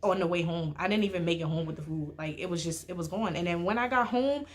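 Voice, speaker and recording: A young woman telling a casual, animated story with lots of slang and filler "like"s. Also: lowish voice, fast talker. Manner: slangy, animated, heavy use of "like". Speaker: storytime vlogger.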